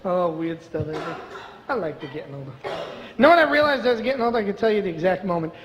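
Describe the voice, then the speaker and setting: A man's voice: high-pitched, sing-song, fast, highs cut off. A man from Brooklyn doing a stand-up comedy set, talking in a chatty, sarcastic way and teasing the audience. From Brooklyn, USA. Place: comedy club stage. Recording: reverberant live club with audience noise.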